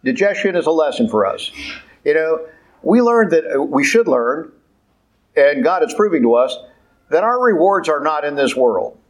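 A man's voice: fairly high pitch, very animated, normal speed, poor audio. A man preaching a conversational sermon, emphatic and full of rhetorical questions.

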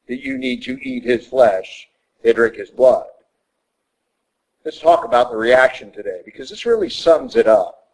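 A man's voice: mid-range voice, rough recording. Emphatic man teaching a sermon. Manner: emphatic, repeats points, acts out quotes. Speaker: Catholic teacher.

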